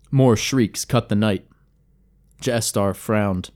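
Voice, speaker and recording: A man's voice: on the low side, fairly even intonation, a little slow, a little mellow. Man narrating a fantasy story. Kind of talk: storybook narration of a tabletop campaign.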